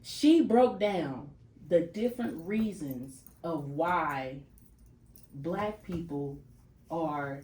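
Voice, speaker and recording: A woman hosting a casual podcast chat, animated and repeating phrases for emphasis. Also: low-pitched, extremely slow. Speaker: podcast host. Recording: echoey room with faint noise.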